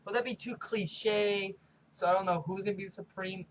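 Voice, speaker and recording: A man hosting his own review show, recapping an episode casually and excitedly, peppering his talk with "like" and spoiler warnings. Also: sits high, moderate pace, a little hiss or hum, poor audio. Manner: animated storytelling full of "like" and spoiler warnings. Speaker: show host.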